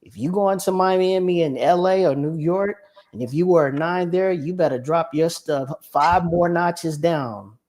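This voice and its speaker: A woman's voice: fairly low pitch, measured pace, a little mellow. A woman co-hosting a casual podcast chat, talking bluntly and emphatically with punchy warnings. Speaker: podcast co-host.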